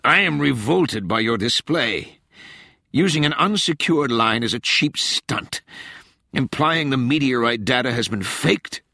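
A man voicing a raspy, icy woman advisor. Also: medium pitch, animated, unhurried, sharp tone, dry recording, clean studio sound, pitched above the performer's own voice, exaggerated voice. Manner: icy, clipped and scolding. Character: raspy stern female presidential advisor, cold.

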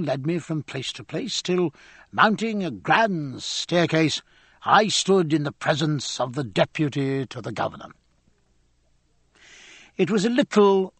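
A man reading an old travel memoir aloud in an expressive, theatrical way. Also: medium pitch, gravelly, husky, no echo.

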